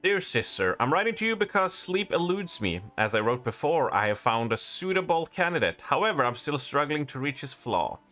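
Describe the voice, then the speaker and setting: Lively, bright-voiced man streaming a game. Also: fairly high pitch, brisk, few pauses, faint music behind. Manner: chatty, talks to chat, reads in-game letters aloud. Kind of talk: live gameplay commentary, reading game text aloud.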